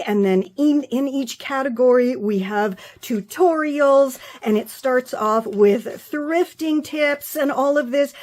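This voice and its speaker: A woman with a voice pitched somewhat above most women's, talking through her projects in a relaxed show-and-tell vlog. She gushes with pride and piles on effusive praise as she goes. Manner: gushing, effusive, proud. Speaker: craft author and vlogger.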